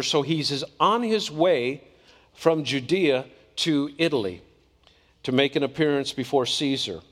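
Earnest preacher man in a reverberant hall. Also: a little high. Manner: earnest, conversational preaching with rhetorical questions. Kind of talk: sermon.

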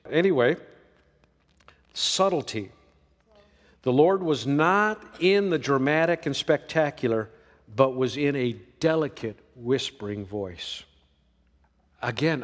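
Slow, expressive male preacher in a reverberant hall. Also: mid-range voice. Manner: expressive, swinging between emphatic and hushed. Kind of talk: sermon. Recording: long reverb of a large hall.

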